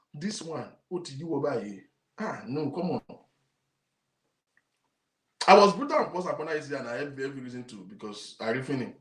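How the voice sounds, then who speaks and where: A Nigerian-accented man hosts his own talk show, ranting indignantly at viewers, repeating his points and mixing in Yoruba. His medium-pitched, slightly bright voice is very animated and brisk, broken by frequent pauses. The room gives the recording an echo.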